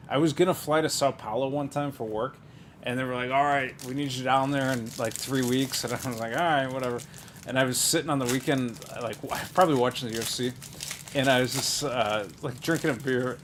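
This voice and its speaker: A man's voice: medium pitch, slight background noise. A man breaking open trading card boxes, giving a casual, rambling running commentary that drifts into asides with small chuckles.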